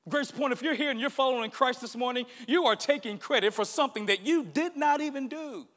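Bright-voiced animated male pastor. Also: extremely high pitch, brisk. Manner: animated, swings from hushed to loud. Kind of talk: sermon.

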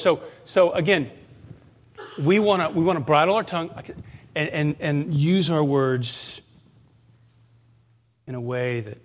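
A male pastor preaching a conversational sermon, moving into animated storytelling. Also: on the high side.

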